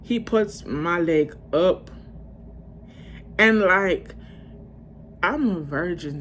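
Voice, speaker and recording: A woman in her twenties telling a storytime tale to her viewers in a casual, profane, rambling way, breaking into loud outbursts. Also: lowish voice, very slow, long pauses, a little hiss or hum. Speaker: vlogger.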